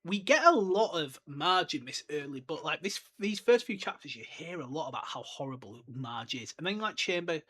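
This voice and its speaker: A man's voice: a little high, expressive, normal speed, few pauses, pushed and bright. A young man hosting a solo podcast, chatting enthusiastically and rambling off on tangents. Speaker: podcast host. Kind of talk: casual solo podcast book discussion.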